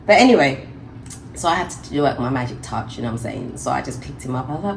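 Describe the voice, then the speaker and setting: A woman's voice: rumbling low, lively intonation, fast, creaky, a little hiss or hum, low-quality recording. A middle-aged woman, chatting and laughing to camera as a vlogger, recorded on a handheld phone. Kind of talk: casual chat to camera. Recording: music playing over the voice.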